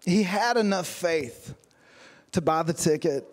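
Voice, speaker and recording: A man's voice: high-pitched, animated, a little slow. A man preaching a sermon as a pastor, telling stories with humor and acting out the people in them. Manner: storytelling with humor and acted-out quotes.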